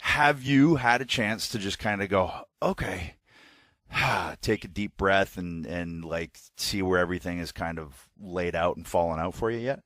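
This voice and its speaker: Deep-voiced male podcast host. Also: a little slow, fairly bright tone, no room sound, studio quality. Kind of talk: casual interview.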